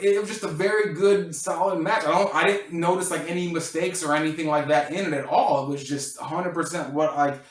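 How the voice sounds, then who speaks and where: A man giving a casual spoken wrestling review, rambling and excitable with many restarts and fillers. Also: a little high, echoey room.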